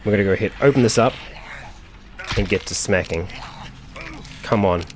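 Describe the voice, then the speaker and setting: A man's voice: on the low side, normal speed, slight background noise. A man hosting a let's play, chatting through his gameplay as he thinks aloud, with frequent fillers. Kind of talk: gameplay commentary.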